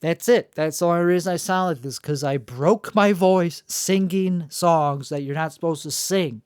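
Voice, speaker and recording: Gravelly man rambling alone. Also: on the high side, normal speed, no echo, clean studio sound. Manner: self-mocking and jokey, full of restarts. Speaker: podcast host. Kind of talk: rambling solo monologue.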